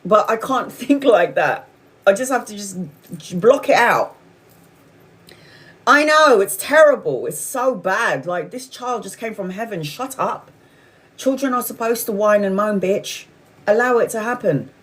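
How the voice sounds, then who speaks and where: A woman's voice: mid-range voice, unhurried. A woman in her forties, hosting a casual spiritual livestream chat, telling candid stories with frequent swearing. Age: 40s. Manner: candid, swearing, animated storytelling. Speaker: tarot reader livestream host.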